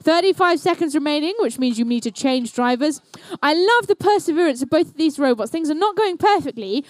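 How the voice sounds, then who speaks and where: A woman's voice: high-pitched, expressive, a little fast, darkish tone, no room sound. A young woman emceeing a robotics competition, giving live match commentary with playful, jokey asides. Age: young adult. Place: indoor robotics competition venue.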